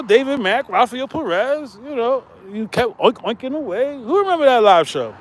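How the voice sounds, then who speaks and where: A man's voice: high voice, very animated, normal speed, few pauses. A man hosting his own channel, talking casually in street slang, rambling and repeating himself as he tells stories. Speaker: channel host. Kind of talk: casual livestream commentary. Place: outdoors near traffic.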